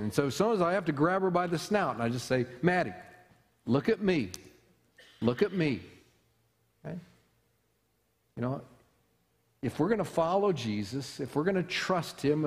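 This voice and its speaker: Pastor preaching, a bit high-voiced, easy rhetorical questions, lingering church echo. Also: male voice, darkish tone. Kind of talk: sermon. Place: church sanctuary. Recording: long hall reverb.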